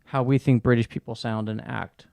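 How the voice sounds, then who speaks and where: An American man co-hosting a podcast, chatting casually in a relaxed, hesitant way with many fillers. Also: mid-range voice, moderate pace, gravelly, no room sound. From United States. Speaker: podcast co-host. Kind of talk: casual chat.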